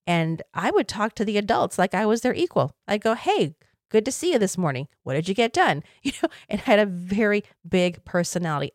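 Podcast host, woman in her fifties, from Taiwan, earnest storyteller, lowish voice, dry close sound. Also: no echo. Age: 50s. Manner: earnest, reflective, with light laughs. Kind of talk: personal storytelling.

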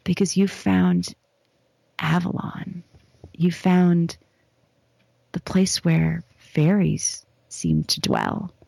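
A woman speaking as an interview guest, leading a slow, soft guided visualization with some words whispered, then talking casually. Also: deep voice, creaky, no echo.

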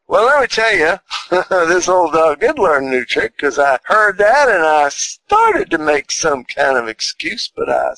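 Folksy older man with a gravelly voice. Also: on the high side, very animated, moderate pace, bright, forceful tone, dry recording, poor audio. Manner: folksy, rambling, heartfelt. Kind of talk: casual storytelling.

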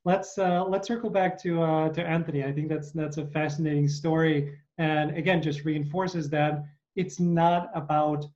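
A man hosting an interview, asking hesitant, halting questions with many fillers. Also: fairly high pitch, level tone, a little mellow. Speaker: interviewer host. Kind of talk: casual interview. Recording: dull lo-fi sound.

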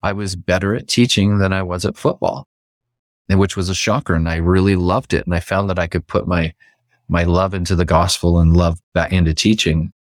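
A man from Canada, a podcast guest, telling a personal story in a lively way and acting out the lines he quotes. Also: brisk, no echo, studio quality. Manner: animated, acts out quoted lines with pitch jumps.

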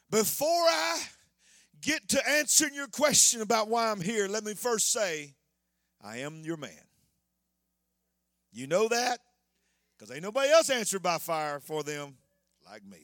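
A man's voice: sits high, sing-song, unhurried, pauses often, fairly bright tone, dry recording, studio quality, voice pushed down, exaggerated voice. A male preacher voicing a weary prophet who hides in a cave, complaining and then boasting about himself. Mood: boastful. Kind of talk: sermon illustration.

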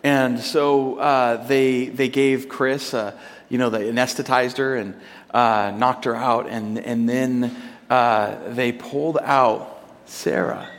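A man's voice: mid-range voice, fairly even intonation, takes it slowly. A man in his thirties, a pastor, telling a long personal story in a casual, rambling way with many fillers and restarts. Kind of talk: storytelling sermon. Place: church service hall. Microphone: microphone. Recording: long hall reverb.

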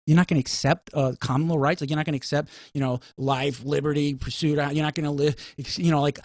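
Man, fairly high voice, heated casual talker, dry recording. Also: fairly quick, no room sound. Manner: heated, stumbling restarts. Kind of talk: casual political talk.

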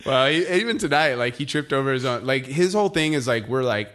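A man telling funny stories about his young son in a casual chat, animated and laughing often. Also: medium pitch, fast, hardly any pauses.

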